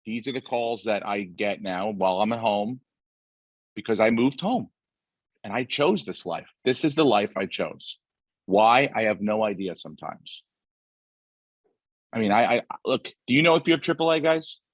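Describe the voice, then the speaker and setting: A man's voice: lowish voice, animated, moderate pace, no echo, dull audio. Profane rambling man hosting a podcast. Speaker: podcast host. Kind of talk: casual podcast chat.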